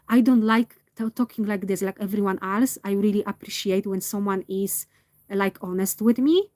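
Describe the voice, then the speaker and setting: A woman speaking in a reflective personal monologue, earnest and candid, often pausing and restarting as she searches for words. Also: medium pitch, warm tone, no room sound. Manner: slow, hesitant, searching for words. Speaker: vlogger.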